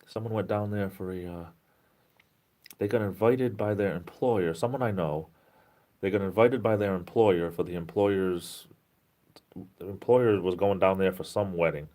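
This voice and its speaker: Chatty forties man, southeastern New England accent, low voice, casual live stream host. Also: moderate pace. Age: 40s. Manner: rambling, reads viewer chat aloud and answers it; speeds up when excited.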